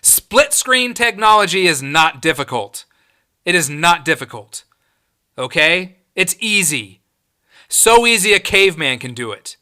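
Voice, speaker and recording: A man's voice: sits high, big pitch swings, a little slow, bright, forceful tone. A man hosting his own podcast, ranting in a heated, profane and emphatic way. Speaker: podcast host. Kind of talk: solo podcast rant.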